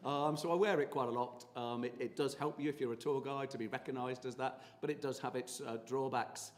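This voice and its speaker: A man's voice: mid-range voice, steady tone, brisk, a little hiss or hum. A man from England, a tour guide and local historian, giving a chatty public talk full of fillers and anecdotes. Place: meeting hall. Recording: reverberant hall from far off.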